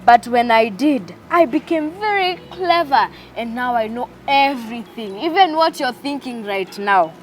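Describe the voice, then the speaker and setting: A woman's voice: on the high side, animated, unhurried, hardly any pauses, a little hiss or hum. A woman voicing a sly, tempting male serpent in a children's story, speaking in a coaxing, whispery way.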